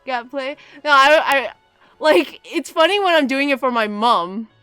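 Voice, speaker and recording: A woman's voice: high-pitched, animated, unhurried, sharp tone, dry recording, faint music behind. Giggly woman streaming a game. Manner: giggly, reads game text aloud. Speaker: streamer playing a video game. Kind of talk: casual let's-play chat.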